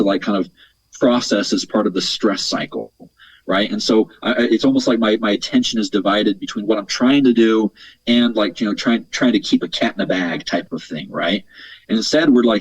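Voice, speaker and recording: Brief: male coach guest, low husky voice, earnest explainer who keeps checking in with "right?", dull dry recording. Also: no room sound. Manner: earnest, explains at length, tags points with "right?"; repeats words while thinking. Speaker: mental performance coach, guest. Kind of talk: conversational podcast interview.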